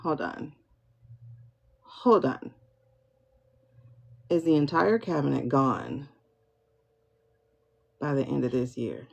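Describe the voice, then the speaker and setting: A woman hosting a livestream pendulum reading, excitable, repeating herself as she questions her spirit guide and talks to viewers. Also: low-pitched, gravelly. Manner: excitable, keeps repeating "hold on" while asking questions. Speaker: tarot reader host. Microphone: phone or computer mic for livestream. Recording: dull lo-fi livestream audio.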